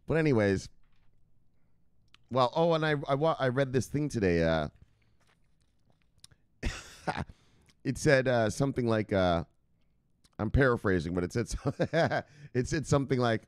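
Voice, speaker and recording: A man's voice: medium pitch, animated, measured pace, pauses often, clear, resonant tone, no room sound, clean studio sound. A man hosting a crypto news channel in casual solo commentary. He is brash and profane, keeps chuckling to himself, and asks viewers to agree with him. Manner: talks straight to viewers, asking for agreement.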